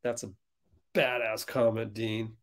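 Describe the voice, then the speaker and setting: A man hosting a fan livestream, reacting loudly to a basketball game as it plays and answering viewers in chat. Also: fairly low pitch, little pitch movement, slow, noisy background. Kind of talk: live basketball watch-along commentary.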